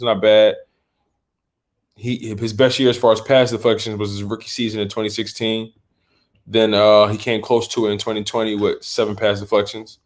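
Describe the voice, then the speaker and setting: Guy hosting a sports fan livestream, rambly and repeats himself a lot, kinda sleepy, says man and bro every other line. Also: mid-range voice. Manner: rambling, repeats words and restarts, loose slang like "man" and "bro"; yawning and a bit sleepy. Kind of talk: casual livestream chat reading viewer comments.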